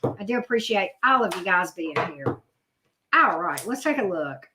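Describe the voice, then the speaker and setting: Lady doing a live tarot reading, blunt and chatty, mid pitch voice, a little hiss in the background. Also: big pitch swings, normal speed. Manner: chatty, blunt, talks straight to viewers. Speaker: tarot reader. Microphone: video camera.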